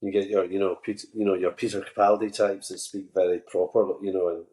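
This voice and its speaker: A Scottish man, an actor guest, chatting in a relaxed way and telling stories with humor. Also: sits low, fairly quick, reverberant. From Scotland. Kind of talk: casual interview chat.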